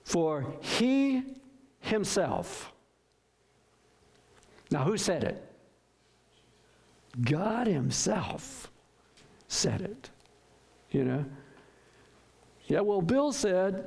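Male pastor, gravelly texture, unhurried emphatic sermon delivery. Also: high voice, big pitch swings, a little mellow. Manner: emphatic preaching, repeats words for stress; asks the congregation questions.

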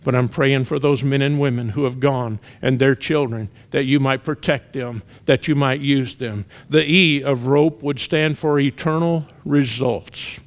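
A male preacher delivering a sermon in a middle-pitched voice. He tells a story with rising intensity, shouting out its cries, then drops to hushed, earnest appeals. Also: steady tone, a little slow, hardly any pauses.

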